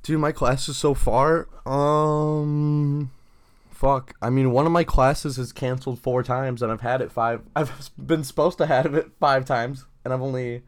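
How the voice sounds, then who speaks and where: A man's voice: medium pitch, a little slow. Young man swearing through a casual podcast chat. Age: 20s. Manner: swears freely, laughs often, animated when retelling stories. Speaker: podcast co-host.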